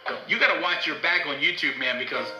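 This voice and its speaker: A man's voice: a little high, fast, sharp tone. A man vlogging to his own camera in a bitter, heated rant, swearing often. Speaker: YouTuber. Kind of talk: angry vlog rant. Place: indoors, talking to own camera. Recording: roomy echo, faint music.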